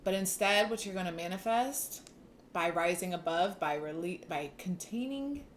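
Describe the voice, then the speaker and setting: Animated woman giving a tarot reading. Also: lowish voice, moderate pace, a little hiss or hum. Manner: animated and emphatic, with repeated words and casual swearing; laughs and sighs between thoughts. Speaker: tarot reader. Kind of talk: casual tarot reading to camera.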